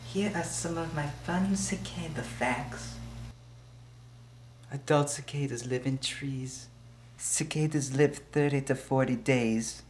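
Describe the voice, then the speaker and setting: A performer playing a cicada expert who recites facts in a flat, deadpan way in an amateur mockumentary. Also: medium pitch, takes it slowly, lightly acted. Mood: reciting. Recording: echoey room, distant, noisy.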